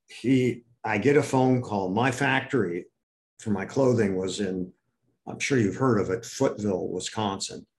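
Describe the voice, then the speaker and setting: An older man from the United States, a guest in an interview, telling animated stories and acting out the people in them. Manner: animated, acts out quoted people with raised pitch. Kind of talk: storytelling in an interview.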